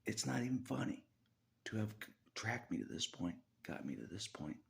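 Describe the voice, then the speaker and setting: A man's voice: lowish voice, sing-song, moderate pace, vocal fry. A man talking through a rambling personal monologue, chuckling often and dropping into half-whispered asides. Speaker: vlogger.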